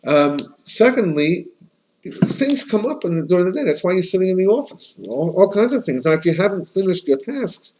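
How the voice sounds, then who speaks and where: A man's voice: high voice, big pitch swings, normal speed, background noise. A man, a rabbi, teaching a casual class in a chatty, anecdotal way, often restarting his sentences and dropping in Yiddish and Hebrew terms. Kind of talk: casual conversational lesson.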